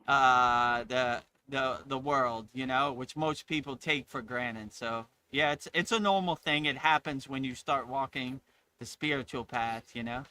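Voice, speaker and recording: A man's voice: mid-range voice, measured pace, pushed and bright, clean tone. A middle-aged man hosting a casual spiritual chat, enthusiastic, laughing often and saying "you know" a lot. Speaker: spiritual teacher and host.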